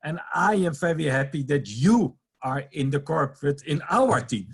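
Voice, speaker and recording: Husky guy hosting an event, friendly, bit halting, kinda high voice. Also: lively intonation. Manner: friendly, hesitant with fillers. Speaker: event host. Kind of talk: casual hosting.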